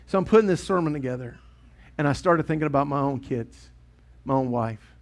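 A middle-aged man preaching a sermon in a church, earnest and swinging from loud to hushed. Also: mid-range voice, expressive, brisk. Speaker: pastor. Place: church sanctuary with congregation.

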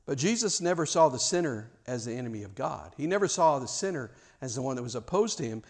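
A man preaching a sermon; he is animated, often stammers and restarts, and acts out the scenes he tells. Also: medium pitch, quick pace. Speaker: pastor.

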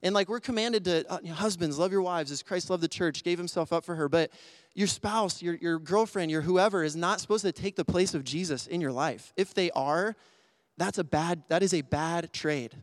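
A man's voice: high-pitched, normal speed, no room sound, clean studio sound. A man preaching a sermon to young adults, earnest and conversational, often restarting his phrases, at times emotional. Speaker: pastor.

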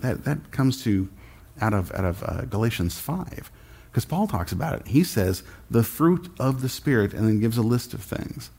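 A man's voice: lowish voice, vocal fry, a little mellow, husky. A man pastor giving a sermon in a conversational way, often restarting his sentences. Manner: conversational preaching with frequent restarts.

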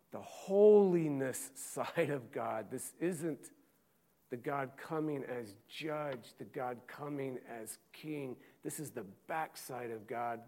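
A man, a pastor, preaching a sermon, swinging from loud urgent passages to hushed, slow scripture reading. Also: medium pitch.

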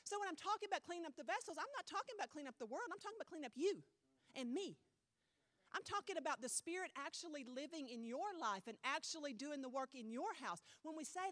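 A woman preaching a sermon, blunt and animated, mocking excuses in quick mimicry. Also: high voice, dry recording.

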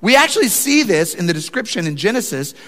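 A man preaching a sermon, telling stories with animated, building emphasis. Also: high-pitched, fast talker, long reverb tail. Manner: animated storytelling with rising emphasis. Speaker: pastor.

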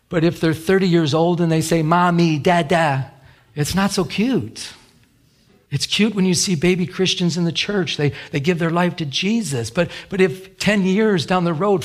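A middle-aged man, a pastor, preaching a sermon in church with animated storytelling and acted-out quotes. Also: a little high, slightly rough. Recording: radio broadcast of a sermon.

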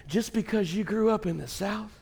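A middle-aged man preaching a blunt sermon as pastor, swinging from shouts to a hushed near-whisper and speaking straight to his congregation. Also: sits high, moderate pace, vocal fry, husky, in a large hall. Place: church sanctuary.

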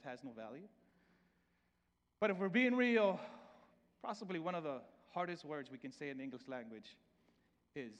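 A man's voice: sits high, long reverb tail. A man with a Salvadoran Spanish accent, a native Spanish speaker preaching a sermon in a conversational way, often repeating words and starting over. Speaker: pastor.

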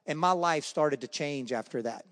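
A man's voice: fairly high pitch, moderate pace. Man telling his testimony in a reverberant hall. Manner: animated storytelling, acts out the voices in his stories. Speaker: speaker sharing his testimony. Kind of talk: spoken faith testimony. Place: church hall or meeting room.

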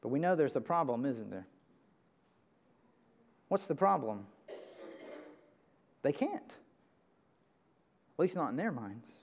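A man preaching a sermon from a church pulpit, emphatic, jumping from loud high bursts to quiet low lines. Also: very animated, slow pace, creaky, pauses often, husky. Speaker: pastor. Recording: reverberant church hall.

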